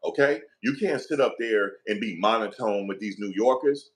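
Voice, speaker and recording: A man's voice: on the low side, moderate pace. A middle-aged man, giving heated opinion commentary in an emphatic, profane, repetitive rant.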